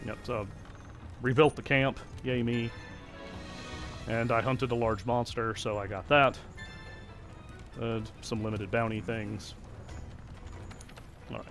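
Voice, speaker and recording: A man's voice: mid-range voice, little pitch movement, slow, pauses often, a bit bright, soft background music. A man casually commenting on his video game session, chatty and self-deprecating. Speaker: let's play host.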